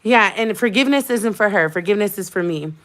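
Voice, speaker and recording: A woman's voice: mid-range voice, expressive, fast, fairly bright tone. A young adult woman vlogger in a casual livestream chat, telling a heated story with emphatic repetition.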